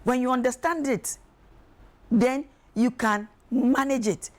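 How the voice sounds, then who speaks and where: A woman, speaking as an expert guest on a talk show, emphatic and animated, acting out quoted voices. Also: a little high, takes it slowly. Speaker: guest expert on emotional wellbeing. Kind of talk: studio talk show discussion.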